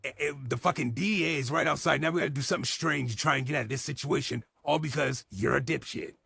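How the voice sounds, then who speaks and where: A man's voice: medium pitch, fast talker, creaky, a bit bright, husky, no room sound, studio quality. A man giving profane comedic commentary, swearing constantly in an exasperated rant at a character's mistakes. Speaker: show commentator.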